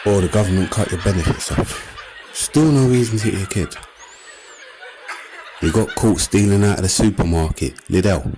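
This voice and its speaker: A man in his thirties with an East London accent doing a stand-up comedy set, animated and streetwise, acting out little scenes. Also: sits low, normal speed, pauses often, a little hiss or hum, rough recording. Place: comedy stage before a live audience.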